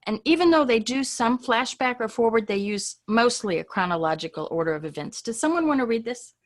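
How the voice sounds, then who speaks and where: A woman's voice: on the high side, expressive, brisk. A woman teaching an online English class, talking in a chatty, informal way and often trailing off and restarting.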